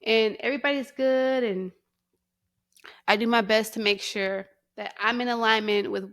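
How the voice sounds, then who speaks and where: A woman hosting a faith podcast, speaking candidly and emotionally about her struggles, close to tears, with restarts and soft laughs. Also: medium pitch, dry recording. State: near tears. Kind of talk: personal reflective monologue.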